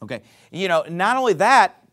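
Animated male preacher. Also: high voice, moderate pace. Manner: emphatic, conversational teaching with frequent "okay?" and "right?". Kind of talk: sermon.

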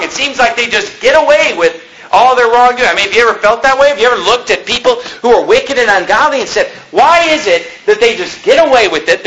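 A man preaching a sermon, reading scripture in a slow, solemn tone and then retelling it in everyday words. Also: extremely high pitch, bright, forceful tone, low-quality recording.

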